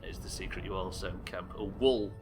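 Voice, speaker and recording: A man with a Welsh accent commentating his live gameplay, chatting with viewers, animated and swearing casually. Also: low voice, moderate pace, over loud music. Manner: animated, swears casually, reacts loudly to the game. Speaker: streamer.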